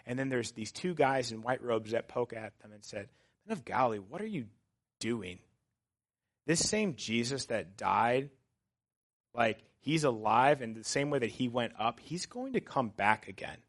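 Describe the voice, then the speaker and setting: A man, a pastor in his thirties, preaching a sermon in a conversational, somewhat sarcastic way that builds to loud, emphatic urging. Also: medium pitch, lively intonation, measured pace.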